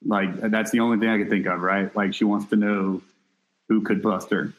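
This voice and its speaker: A man's voice: on the low side, little pitch movement, normal speed, low-quality recording. A man co-hosting a podcast in casual chat, rambling loosely and swearing now and then. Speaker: podcast co-host.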